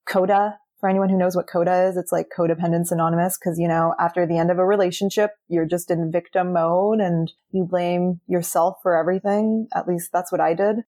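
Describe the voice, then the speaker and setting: Earnest chatty woman, lowish voice. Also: steady tone, fairly quick, few pauses, warm tone. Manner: chatty, earnest, says "like" often. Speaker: interview guest. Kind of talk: candid personal storytelling.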